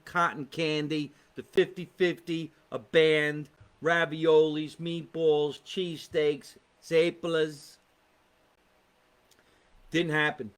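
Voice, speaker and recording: A man with a New Jersey accent, a comedian hosting a casual live podcast, chatting and reading out viewer comments in a rambling way. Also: fairly high pitch. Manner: chatty, rambling, exasperated asides.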